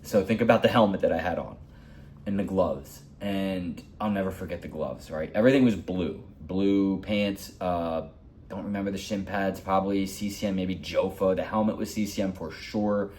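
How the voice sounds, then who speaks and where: Man, 40s, deep voice, rambling heartfelt storyteller, vlog. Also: moderate pace, a little mellow, a little hiss or hum. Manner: rambling, heartfelt, repeats himself. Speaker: hockey vlogger. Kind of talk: personal storytelling.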